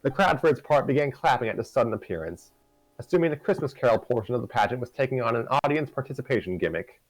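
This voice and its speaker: A man's voice: medium pitch, expressive, fast talker, no echo, low-quality recording. A man hosting and reading a story aloud live, narrating conversationally with self-corrections. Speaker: story reader and host.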